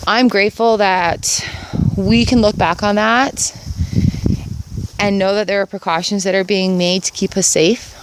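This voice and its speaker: A woman's voice: mid-range voice, fairly even intonation, a little slow, a little hiss or hum. A middle-aged woman talking earnestly and upbeat in a casual gratitude vlog, recorded outdoors in her yard. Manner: earnest, upbeat, repeats phrases for emphasis. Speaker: vlogger.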